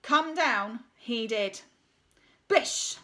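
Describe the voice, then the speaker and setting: A woman reads a children's story aloud in a playful way. She voices the sound effects herself and drops in jokey asides, in a fairly high voice. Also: expressive, extremely slow, sharp tone.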